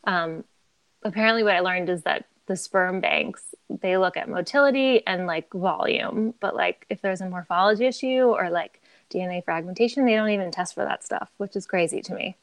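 A woman's voice: mid-range voice, moderate pace, no room sound. A woman in her thirties, a podcast guest telling her story in a candid, chatty way, filling her talk with "like" and laughing often.

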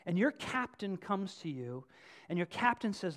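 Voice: mid-range voice, big pitch swings, normal speed, fairly bright tone. A preacher giving a conversational sermon, casual and joking, chatting with the congregation and stressing key phrases.

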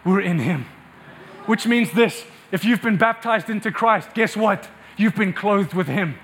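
A man preaching a passionate sermon to a church congregation, repeating phrases and building to near shouts. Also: sits high, unhurried, a little hiss or hum. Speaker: pastor.

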